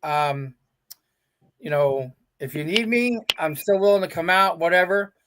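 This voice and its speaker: A middle-aged man with a notably high speaking voice tells stories from his career as an interview guest. He acts out each quote in the other person's voice, peppering it with "I'm like" and "he goes.". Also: measured pace, background noise. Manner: animated storyteller, quotes people in their own voices. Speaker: guest, veteran indie pro wrestler. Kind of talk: casual storytelling interview.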